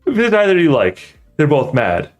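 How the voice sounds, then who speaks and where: A man's voice: on the high side, huge pitch swings, normal speed, faint music behind, pitched above the performer's own voice. A man voicing a grinning, riddling cat in a storybook reading, sly and teasing.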